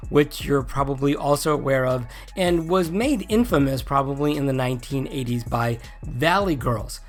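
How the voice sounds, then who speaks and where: A video host from New England who speaks in a neutral General American accent, having mostly dropped the native one, giving a casual explainer with wry, joking asides. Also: medium pitch.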